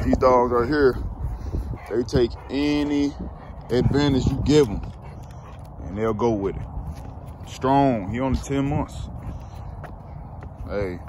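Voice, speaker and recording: A laid-back man chats easily in a casual vlog, his voice sitting at an ordinary middle pitch. He talks with a coaxing, chatty ease. The recording carries plenty of outdoor street noise behind him. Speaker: vlogger, dog owner. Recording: noisy outdoor street sound.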